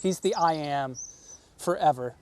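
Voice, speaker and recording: A man's voice: a little high, unhurried. A man preaching a sermon, earnest and emphatic, often repeating words as he presses a point. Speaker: pastor.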